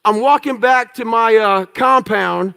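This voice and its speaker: Blunt, very high-voiced man telling a story. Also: a little slow, creaky, pushed and bright, clean tone. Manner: blunt and profane, acts out his own past thoughts; emphatic, punchy short phrases. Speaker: motivational speaker. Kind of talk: storytelling talk to an audience.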